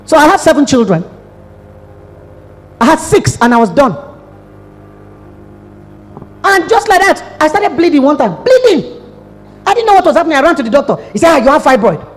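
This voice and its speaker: A woman's voice: high-pitched, fairly quick, long pauses. A middle-aged Nigerian woman pastor preaching a sermon, telling a story and acting out the dialogue. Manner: animated storytelling with acted-out dialogue. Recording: long hall reverb.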